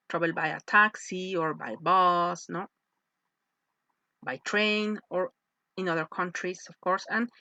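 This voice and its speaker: A woman teaching an English lesson, slow and patient, often checking in with "yes?" as she explains. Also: mid-range voice, bright, forceful tone, no echo. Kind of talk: slow classroom lesson with read-aloud phrases. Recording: dull lo-fi voice recording.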